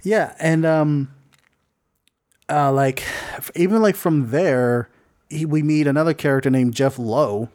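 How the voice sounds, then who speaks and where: A man's voice: on the high side, unhurried, pauses often. Rambling, swearing young man co-host. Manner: rambling, animated, swears a lot, many fillers. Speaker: podcast co-host. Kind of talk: casual chat.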